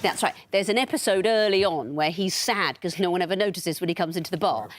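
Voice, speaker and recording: A woman's voice: fairly low pitch, fast, no room sound. Dry, witty woman quiz host. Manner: dry, witty, lightly teasing. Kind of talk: hosting a TV quiz. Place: TV studio.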